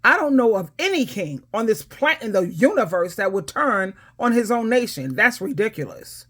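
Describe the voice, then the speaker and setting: Middle-aged woman, authoritative advice-coach commentator, emphatic and preachy, a bit high-pitched. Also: very animated, normal speed, fairly bright tone. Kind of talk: reaction commentary.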